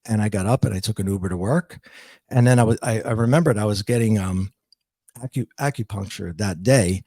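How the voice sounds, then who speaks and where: A middle-aged man with a gravelly, creaky voice recounts a personal story as a podcast guest. He speaks reflectively and haltingly, often restarting and repeating words. The sound is dry and close. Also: fairly low pitch, warm tone, dry recording.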